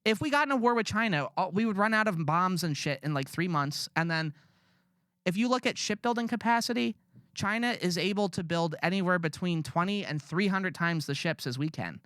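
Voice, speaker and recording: A man's voice: high voice, lively intonation, brisk, a bit bright, clear, resonant tone, no room sound, studio quality. A man ranting bluntly and profanely in casual podcast chat. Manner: blunt, profane, rambling rants. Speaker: podcast co-host.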